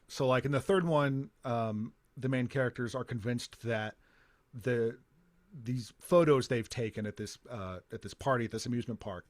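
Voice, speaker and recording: A man hosts a casual podcast conversation, winding through long, rambling explanations. His voice sits at an ordinary middle pitch. The sound is close and completely dry. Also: no echo. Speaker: podcast host.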